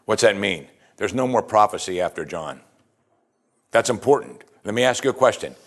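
A man with a fairly low voice teaches from scripture in a loose, conversational way. He keeps turning to his listeners with rhetorical questions and retells the passages in everyday talk. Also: animated, normal speed. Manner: informal, chatty retelling of scripture. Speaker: Bible teacher.

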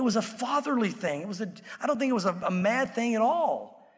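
A man's voice: extremely high pitch, sing-song, fairly quick, in a large hall. A man preaching a sermon in a conversational way, acting out the voices he quotes. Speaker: pastor.

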